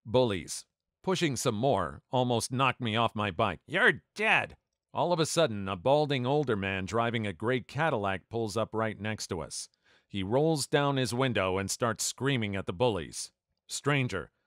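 A man doing scripted story narration in an animated way, acting out the dialogue. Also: fairly low pitch, moderate pace, dry recording, studio quality.

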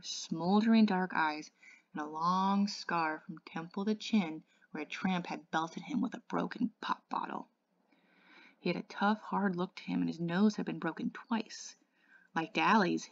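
A woman, an English tutor, reading a novel aloud in a steady voice, with small slips and restarts. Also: on the low side, a little slow, no room sound, highs cut off.

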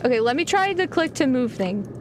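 High, lively young woman streamer. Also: brisk, background noise. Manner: excitable, gasping and giggling, chatting to viewers. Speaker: gaming streamer. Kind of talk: live gameplay commentary.

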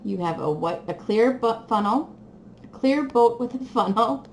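An excitable woman gushes to her viewers in a casual unboxing chat, her pitch swooping up and down as she giggles. She sounds as if she is in an echoey room, with a faint hiss behind her. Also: measured pace. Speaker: crafting vlogger.

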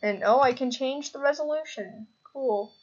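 A woman's voice: sits high, normal speed, slightly rough, dull audio. A woman streaming live in casual chat, goofy and giggly, dragging out a silly catchphrase.

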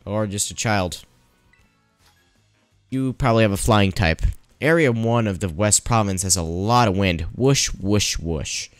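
A man with a slightly low voice talks slowly and unhurriedly through his playthrough, musing aloud and cracking teasing jokes at the game's characters. The sound is dry and close, with faint game music underneath. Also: no echo. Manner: thinking aloud while playing. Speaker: gameplayer narrating his playthrough. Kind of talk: casual let's-play commentary.

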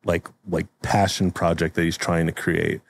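A man's voice: low-pitched, little pitch movement, moderate pace, creaky, slight background noise. A man hosting a comedy podcast, narrating improvised scenes in a laid-back way and laughing often. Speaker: podcast host and game master.

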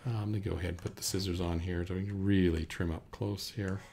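A man teaching a software recording lesson at his computer, talking through each step in a relaxed way with fillers, into a desk microphone indoors. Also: sits low, fast talker, vocal fry. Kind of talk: screen-recorded software tutorial. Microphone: USB desk microphone.

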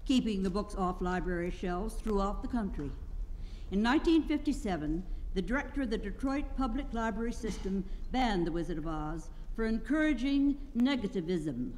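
A woman's voice: medium pitch, long reverb tail, a little hiss or hum. A woman reading a story aloud on stage at a literary event, narrating expressively. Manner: animated storytelling. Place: auditorium stage.

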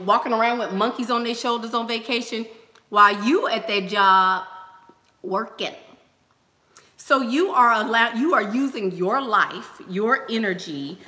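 A woman's voice: mid-range voice, pushed and bright, echoey room. A woman hosting a casual livestream, giving advice in a chatty way, repeating phrases and using lots of fillers. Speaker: host.

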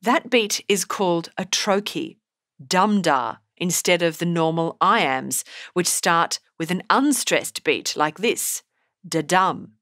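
A woman narrates a poetry lesson in a slow, deliberate, explanatory manner. Her voice sits a little low, and the recording is dry and close with no room sound. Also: expressive, fairly bright tone, no echo. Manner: measured, explanatory delivery. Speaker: poetry teacher. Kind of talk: scripted narration.

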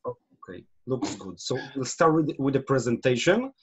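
A man's voice: mid-range voice, very animated, normal speed, husky. A man from Israel with an Israeli accent, giving a webinar presentation with many fillers and restarts, speaking over a computer mic on a video call. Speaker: guest presenter.

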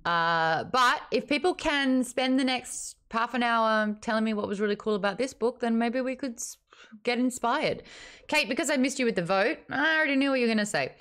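A woman's voice: a little high, expressive, a little fast, fairly bright tone. A woman hosting a live book club stream, chatting casually, teasing and laughing often. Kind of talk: casual chat.

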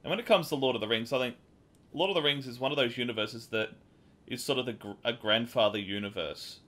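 Bright-voiced Australian man chatting. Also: mid-range voice, fast talker. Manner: laughs often, rambling with fillers. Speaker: podcast host. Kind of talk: casual podcast chat.

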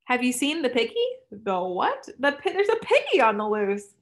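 Taunting teen party crowd, high and sing-song, cruel and giggly, put on by a woman reading the story. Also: sing-song, normal speed. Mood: mocking.

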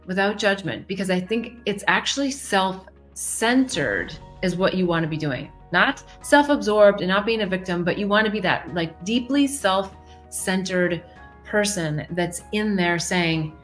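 A woman with a slightly low voice hosts a live advice session in a casual coaching tone. She speaks gently and reflectively, with quick shifts between rushing and lingering. Soft music plays faintly behind her. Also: expressive.

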